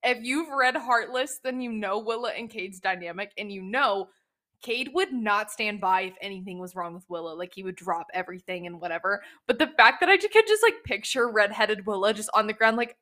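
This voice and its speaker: A woman's voice: mid-range voice, fairly quick, bright, forceful tone. A woman hosting a book podcast, chatting casually and gushing, with lots of fillers. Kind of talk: casual book review chat.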